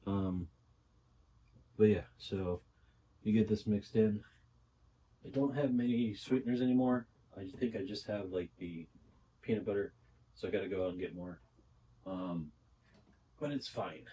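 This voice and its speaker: A man's voice: on the low side, a little slow, pauses often, mellow, a little hiss or hum, poor audio. A young man talking casually through a cooking vlog, rambling with lots of fillers and little asides. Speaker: bodybuilder vlogger.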